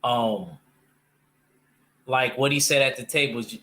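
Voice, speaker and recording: A man with a medium-pitched, bright, forceful voice speaks at an unhurried pace. He's a panel guest in a casual chat about comics, talking animatedly with loose slang and frequently restarting his sentences.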